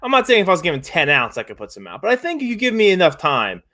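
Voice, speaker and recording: A man co-hosting a casual sports podcast, hesitant and halting, with many restarts and fillers. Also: high-pitched, wildly swooping pitch, pushed and bright. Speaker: podcast co-host.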